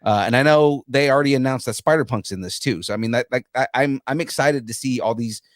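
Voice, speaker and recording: A man co-hosting a pop-culture podcast with an excited, hyped-up way of talking. His voice sits at an ordinary middle pitch. The recording is dry and close, with no room sound. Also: fast talker, dry recording. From grew up Latino in the US. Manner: excited, hypes reactions. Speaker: podcast co-host. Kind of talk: casual pop-culture chat.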